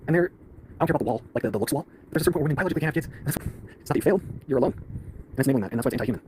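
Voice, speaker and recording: Rapid-fire ranting man. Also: medium pitch, a little mellow, slight background noise. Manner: intense, swearing, preachy. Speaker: online video creator. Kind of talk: fast rant to camera.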